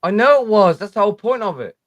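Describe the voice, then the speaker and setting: A man's voice: high voice, animated, fast talker, fairly bright tone, dry recording. A man chatting casually as a guest, brash and laughing, with heavy swearing. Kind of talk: casual chat.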